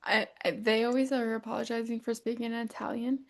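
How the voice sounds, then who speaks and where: A woman's voice: a little high, a little fast. A woman co-hosting a podcast, from the United States, telling stories in casual chat, acting out what others said and laughing often. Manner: animated storytelling, acting out quotes, laughing often. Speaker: podcast co-host.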